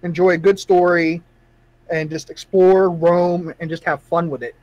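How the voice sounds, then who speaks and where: A man's voice: high-pitched, little pitch movement, normal speed, a little mellow, no room sound, muffled recording. A man on a gaming podcast panel, chatting in an easygoing, enthusiastic way. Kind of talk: casual chat.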